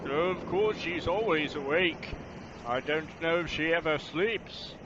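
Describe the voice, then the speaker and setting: A man voicing a grateful, helpful male fishing villager who speaks politely and haltingly. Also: fairly high pitch. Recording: muffled lo-fi recording with steady background noise.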